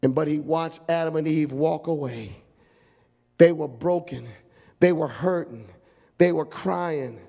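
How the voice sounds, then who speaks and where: Fervent, gravelly male preacher. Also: a little high, measured pace, dark tone. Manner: fervent, emphatic, storytelling. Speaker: pastor. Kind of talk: sermon.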